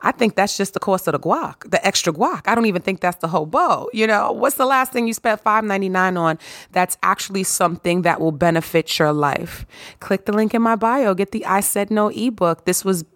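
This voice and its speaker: A woman hosting her own podcast, hoarse and raspy from a sore throat, talking straight to her listeners in a sassy, preachy motivational monologue. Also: mid-range voice, expressive, a little fast, a bit bright, dry recording, studio quality. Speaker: podcast host.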